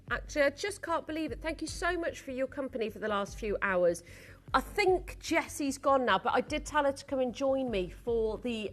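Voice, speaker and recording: A woman presenting on a live shopping channel, gushing and excitable as she sells jewellery and home goods from a studio. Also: a little high. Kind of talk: live selling pitch.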